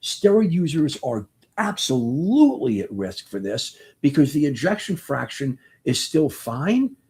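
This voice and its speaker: A man's voice: fairly high pitch, big pitch swings, measured pace, a little mellow, breathy edge. A man in his sixties, a doctor hosting a live question-and-answer talk, speaking in an impassioned, rambling way and often restarting his sentences. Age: 60s.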